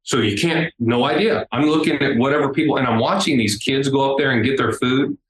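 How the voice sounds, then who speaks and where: Man telling a lively story. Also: mid-range voice, fairly quick. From United States. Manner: animated, acts out the people in his story. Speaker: interview guest. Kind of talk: casual storytelling. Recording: roomy with faint background noise.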